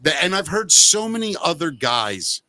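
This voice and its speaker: A man's voice: on the high side, sing-song, moderate pace, bright, forceful tone, no room sound. A man hosting a podcast in casual chat, telling anecdotes and swearing freely. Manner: swears freely, tells anecdotes with acted quotes. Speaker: podcast host.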